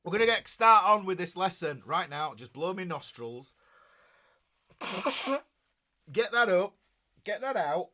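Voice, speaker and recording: Chatty man, bright voice. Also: high voice, animated, measured pace, long pauses. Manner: chatty, rambling, reads out viewer comments. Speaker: guitar teacher. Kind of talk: casual livestream chat.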